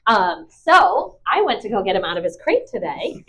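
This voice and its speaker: A woman's voice: mid-range voice, very animated, moderate pace, a bit bright. A young woman, a dog trainer, chatting casually and bubbly with many fillers into a clip-on mic. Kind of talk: casual vlog chat.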